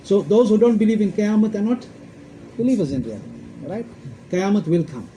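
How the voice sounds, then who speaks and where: A man's voice: sits high, sing-song, fairly quick, mellow, a little hiss or hum, rough recording. A man giving an emphatic religious lecture, quoting Arabic verses and asking rhetorical questions. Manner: emphatic, repeats points, quotes Arabic verses. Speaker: Islamic scholar giving a talk.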